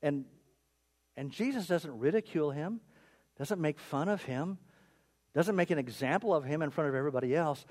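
A pastor delivering a sermon with a high-pitched, highly expressive voice that leaps up and down. He repeats himself for emphasis and pokes fun at his own jokes. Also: moderate pace, pauses often. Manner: animated, repetitive, self-mocking humor.

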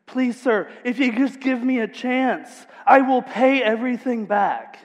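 A desperate male servant, deep in debt, who begs for time and then turns harsh on others, as a preacher puts him on. The voice is fairly high and carries a long hall reverb. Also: a little slow. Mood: pleading.

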